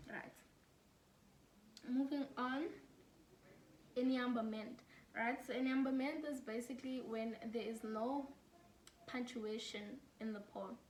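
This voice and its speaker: A woman's voice: on the high side, fairly even intonation, slow pace, pauses often, a little hiss or hum. A young woman from South Africa giving casual study tips, chatty and laughing, mixing English with Afrikaans. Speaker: student tutor. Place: home room during load shedding. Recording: echoey room, mic at a distance.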